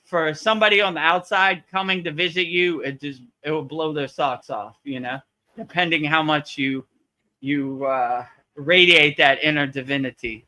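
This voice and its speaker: Bright-voiced man telling spiritual stories. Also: fairly high pitch, normal speed. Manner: animated, chatty, acts out quotes, laughs often. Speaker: spiritual teacher hosting a Q&A. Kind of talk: live Q&A chat, storytelling.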